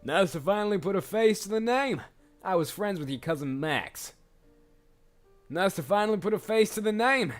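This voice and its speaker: A man's voice: sits high, lively intonation, moderate pace, soft background music, voice pushed up. A man voicing a friendly young man greeting someone new.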